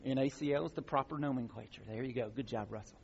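Husky-voiced man preaching in a hall. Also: mid-range voice, quick pace. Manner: teaching, builds to emphatic exhortations. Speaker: pastor. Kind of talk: sermon. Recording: muffled sound with long hall reverb.

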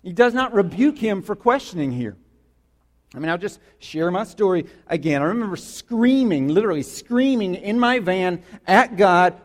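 High-voiced male pastor preaching in a hall. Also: lively intonation, moderate pace. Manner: passionate, conversational, emphatic repetition. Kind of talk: sermon.

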